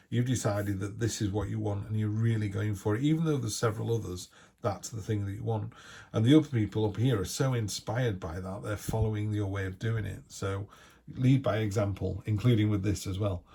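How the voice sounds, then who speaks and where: A man's voice: on the low side, fairly quick, vocal fry, dark tone, slight background noise. A man giving a weekly tarot reading in a chatty, rambling way full of asides and restarts. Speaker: tarot reader.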